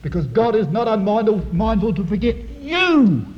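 A man preaching a sermon, explaining Bible verses and often addressing his listeners as brethren and sisters, moving between quiet reflection and loud emphasis. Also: sits high, sing-song, moderate pace. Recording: dull, lo-fi recording in a reverberant hall.

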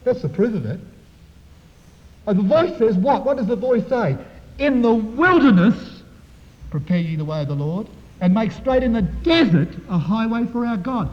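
High-voiced preacher in a big echoing hall. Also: male voice, expressive, moderate pace. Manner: earnest, repeatedly addresses brethren and sisters; swings between quiet reflection and loud emphasis. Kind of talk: sermon with Bible exposition. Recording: dull, lo-fi recording in a reverberant hall.

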